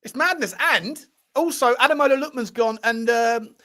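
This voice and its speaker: Football pod co-host guy, bright high voice, jokey and excitable. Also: moderate pace. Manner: jokey, excitable banter with mock accents. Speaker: podcast co-host. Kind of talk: casual football chat.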